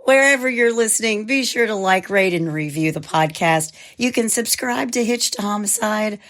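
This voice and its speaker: A woman with a hoarse voice from a cold, co-hosting and narrating a true crime podcast in a measured, scripted way. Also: medium pitch, animated, fairly bright tone. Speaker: podcast co-host.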